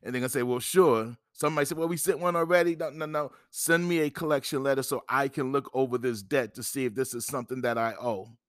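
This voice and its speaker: A man's voice: medium pitch, fairly even intonation, fast, few pauses, a bit bright, dry recording, clean studio sound. A middle-aged man hosting an advice podcast, talking emphatically and repeating himself, acting out both sides of a phone call. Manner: repetitive, emphatic, acts out phone calls. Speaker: podcast host giving credit advice. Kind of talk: instructional podcast monologue.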